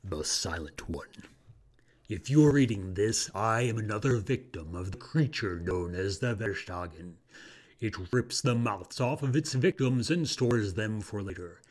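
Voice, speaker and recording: Husky, solemn old male chronicler from a game, measured and grim, put on by a male streamer. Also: on the low side, animated, pitched below the performer's own voice. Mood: pleading.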